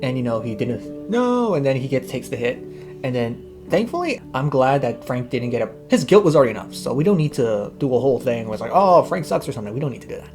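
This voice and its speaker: A young man rattles through a casual movie review at a very fast clip, gushing and tearful, his voice catching as he cries. Faint guitar music plays underneath. His pitch sits in an ordinary middle range. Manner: excited, gushing, tearful, says bro. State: crying.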